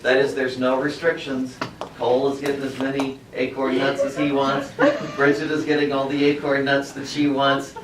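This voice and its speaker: A man's voice: mid-range voice, moderate pace. A male teacher lectures with playful energy and teases his students as he goes. The recording is distant and echoey, with classroom noise underneath. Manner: playful, animated, joking with students. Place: school classroom. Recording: echoey classroom, mic far off, noisy.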